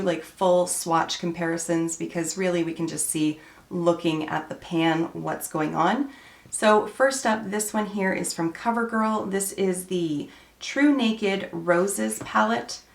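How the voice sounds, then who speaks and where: A woman beauty vlogger narrating a makeup tutorial in a relaxed, chatty voice-over, explaining each step. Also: fairly low pitch, creaky.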